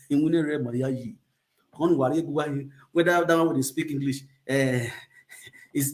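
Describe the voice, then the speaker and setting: A man with a Nigerian accent hosting a casual livestream chat, rambling, repeating catchphrases and laughing often. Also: fairly high pitch. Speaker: livestream host.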